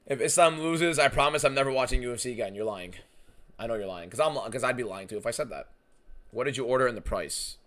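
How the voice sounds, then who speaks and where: Fast, bright-voiced young male streamer. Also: mid-range voice. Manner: excitable, profane, reads chat aloud. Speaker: streamer hosting a fight watchalong. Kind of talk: casual live-stream commentary.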